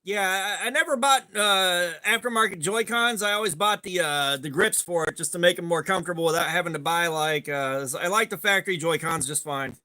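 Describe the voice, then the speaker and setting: A man's voice: high-pitched, brisk, few pauses, sharp tone. A man hosting a casual live stream, greeting viewers by name and rambling chattily between topics. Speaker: livestream host.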